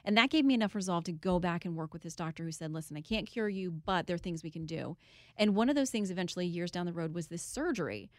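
A woman's voice: lowish voice, lively intonation, fast, a little mellow, no room sound, clean studio sound. A woman guest in an interview, telling a personal story in an earnest, candid way with occasional laughs. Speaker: guest, author and TV host.

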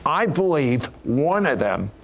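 A man hosting a TV interview, asking questions and introducing the next segment with measured emphasis. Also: on the high side, sing-song, vocal fry, a bit bright. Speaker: TV host.

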